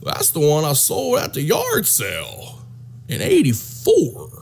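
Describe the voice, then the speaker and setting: A man's voice: fairly high pitch, huge pitch swings, slow pace, vocal fry, husky, exaggerated voice. A man putting on a crude, swearing, stunned guy. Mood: angry. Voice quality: profane, incredulous outbursts. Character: crude, astonished adult man, swearing in disbelief.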